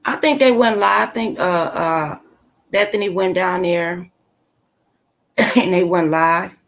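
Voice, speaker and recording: A woman with a slightly low voice speaks slowly while hosting her own channel. She chats casually with her live viewers, giving blunt, sassy opinions in a steady stream of slang.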